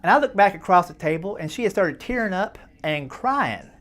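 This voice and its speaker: A man tells stand-up stories at a dinner event in a folksy, self-deprecating way. His pitch swings freely and expressively as he talks. He keeps turning to the crowd with easy asides. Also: very animated, brisk, fairly bright tone. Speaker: stand-up comedian at a charity dinner. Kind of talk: stand-up comedy storytelling.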